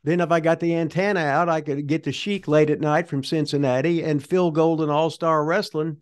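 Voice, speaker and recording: An older man tells stories in a loose, rambling, folksy way, cursing offhandedly. His voice sits a bit high for a man. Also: fairly even intonation, moderate pace, smooth. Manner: rambling, folksy, swears casually. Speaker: retired pro wrestler, interview guest. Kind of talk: rambling shoot interview storytelling.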